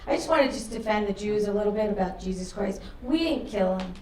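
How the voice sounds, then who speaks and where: A middle-aged woman performing a crude stand-up comedy set on a club stage, delivering brash deadpan punchlines. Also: medium pitch, quick pace, recorded from a distance, a little hiss or hum. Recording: roomy club sound from afar, audience laughter.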